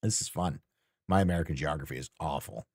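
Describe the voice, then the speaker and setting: A man's voice: a bass voice, quick pace, slightly rough, no room sound, clean studio sound. A man streamer chatting casually and teasingly with his chat while playing a game, rambling and joking.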